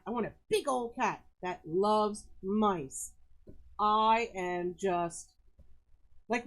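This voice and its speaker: A woman hosts a casual live stream from her home in the country. She talks in a rambling, excitable way, and her pitch often leaps up high. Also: rough recording. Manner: chatty, rambling, excitable with big pitch jumps. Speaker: host of a live sales stream. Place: rural home.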